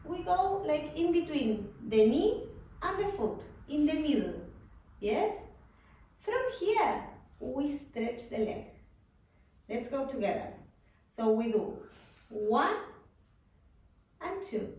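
A woman teaching a tango technique class, calmly talking students through an exercise, counting out the beats and checking in with "yes?". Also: sits high, slow, pauses often. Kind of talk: slow spoken dance class instruction. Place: dance studio. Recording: roomy, distant studio sound with faint noise.

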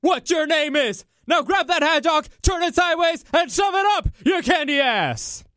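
A man's voice: very high-pitched, expressive, normal speed, a bit bright, dry recording, studio quality, pitched above the performer's own voice. A man imitating a brash male wrestler who bellows boastful trash talk. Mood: bellowing.

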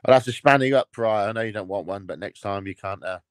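A man hosting a casual live-stream chat, bantering roughly and swearing. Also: fairly low pitch, quick pace, dry recording. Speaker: streamer host.

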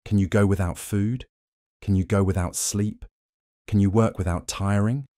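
A man's voice: fairly low pitch, fairly even intonation, normal speed, no room sound, studio quality, lightly acted. A man reading an audiobook, voicing a proud, bitter android man who pleads and rails against his captors in a raised, strained voice. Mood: defiant. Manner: pleading, then shouting in anger.

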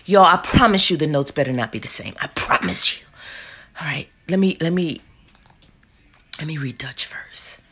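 A woman reviewing candles in a casual vlog, slangy and dramatic, cussing and swinging from mutters to loud outbursts. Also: sits low, normal speed, long pauses, breathy edge.

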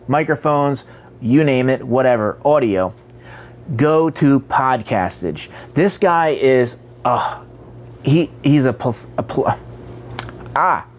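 A man hosting a casual channel spotlight, chatty, who stumbles over words and corrects himself. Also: medium pitch. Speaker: host.

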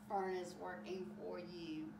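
A woman's voice: fairly low pitch, level tone, slow, creaky, noisy background, voice pushed down. Woman reading as a taunting storybook shark. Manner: playful taunting character voice. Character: boastful cartoonish male shark. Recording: echoey room, far from mic.

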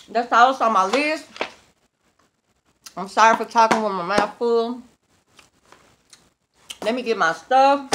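A woman's voice: fairly high pitch, measured pace, long pauses, a bit bright, a little hiss or hum. A woman from Texas, talking casually to camera in a folksy, chatty way and laughing easily. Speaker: vlogger.

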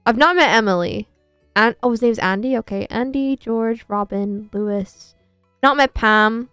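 A woman's voice: a little high, measured pace, fairly bright tone, smooth, no echo, soft background music. A woman streaming a farming game, chatting casually and self-mockingly with her viewers. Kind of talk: casual gameplay commentary.

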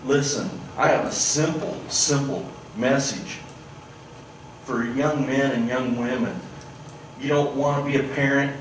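A male pastor preaching a sermon, swinging between loud, animated stretches and hushed, pointed asides. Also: medium pitch, unhurried, slight background noise. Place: church sanctuary. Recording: echoey church room, mic at a distance.

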